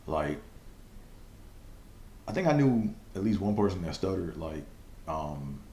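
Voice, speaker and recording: Deep-voiced man rambling on a podcast. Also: very animated, unhurried, mellow, reverberant. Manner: loose, rambling storytelling with many fillers and profanity; stutters at times. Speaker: podcast host. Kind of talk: casual solo podcast monologue.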